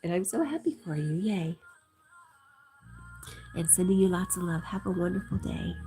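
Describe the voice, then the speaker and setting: Woman, middle-aged, whispered role-play, gentle, low-pitched, warm, faint background music. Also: expressive, moderate pace. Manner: soft whispery, reads comments aloud, gentle. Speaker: livestream host reading chat.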